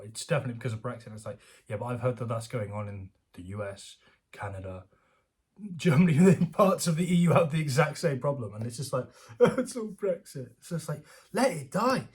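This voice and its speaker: A British man with a husky, phlegmy voice, rambling and sarcastic as he reads an article aloud and rants about it, laughing often. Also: mid-range voice. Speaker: commentator reading news aloud. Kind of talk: casual rant reacting to an article.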